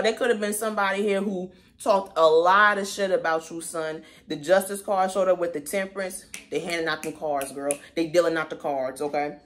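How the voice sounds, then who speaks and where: A woman giving a casual tarot reading in a sassy, slangy manner with animated asides. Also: medium pitch. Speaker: tarot reader.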